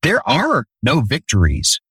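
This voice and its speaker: A man's voice: mid-range voice, huge pitch swings, unhurried, a bit bright, breathy edge, no room sound, rough recording. A middle-aged man telling an earnest personal story in a conversation.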